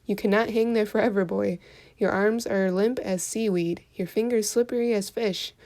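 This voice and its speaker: A woman's voice: medium pitch, fairly even intonation, moderate pace, darkish tone, natural voice. A woman voicing a cruel, boastful male king of sharks who rages and gives commands in a storybook reading. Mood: gloating. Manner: raging and commanding.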